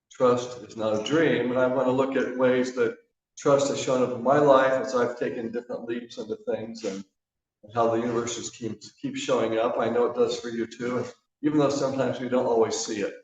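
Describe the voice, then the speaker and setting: A man giving a sermon in a church, telling stories in a relaxed, conversational way with frequent fillers. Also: medium pitch, normal speed. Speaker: guest speaker. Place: church sanctuary. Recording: echoey church hall from a distance, dull.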